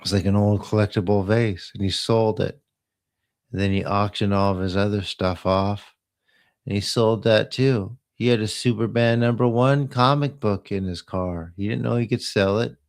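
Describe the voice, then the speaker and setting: A man casually retelling old TV episodes in a slow, meandering way, trailing off into asides. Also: lowish voice, steady tone. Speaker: host of a live healing stream. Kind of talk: rambling casual storytelling.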